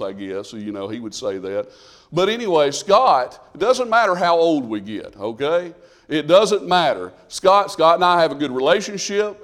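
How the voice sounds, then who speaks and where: A man preaching a sermon in a conversational way, asking the congregation questions. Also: a little high. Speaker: pastor.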